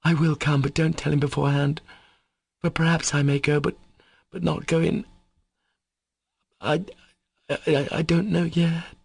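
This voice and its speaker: A man's voice: fairly high pitch, lively intonation, moderate pace, gravelly, a little mellow, husky, no room sound, voice pushed up, exaggerated voice. A man voicing a proud, faltering young woman. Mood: anguished. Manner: faltering, stammering. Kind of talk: audiobook character voice.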